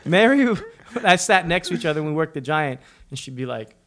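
A man's voice: on the high side, quick pace. A man from Suriname, a guest on a podcast, telling casual anecdotes and acting out the people in them. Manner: animated, acts out quotes in shifting voices. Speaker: podcast guest, record label executive. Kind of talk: casual storytelling.

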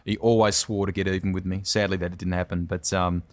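A middle-aged Australian man, a motorsport commentator, telling animated stories in a casual podcast interview and often calling his host "mate". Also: deep voice, fairly quick. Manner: animated anecdotes, often ends lines with "mate".

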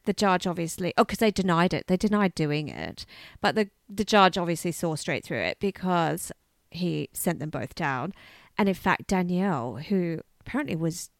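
A woman co-hosting a casual true-crime chat, telling the story in a chatty, animated way. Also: lowish voice, moderate pace, vocal fry, no echo, studio quality. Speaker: podcast co-host.

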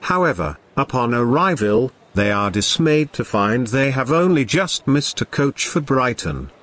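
A man narrating a comic fantasy story in a dry, measured way. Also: medium pitch, big pitch swings, fairly bright tone.

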